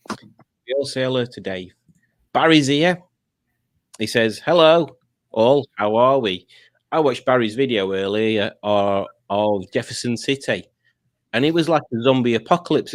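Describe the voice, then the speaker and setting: A chatty man hosts a relaxed talk show, reading viewer comments aloud and laughing easily between them. His voice sits at an ordinary middle pitch. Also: moderate pace, long pauses. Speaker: podcast host. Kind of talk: casual chat.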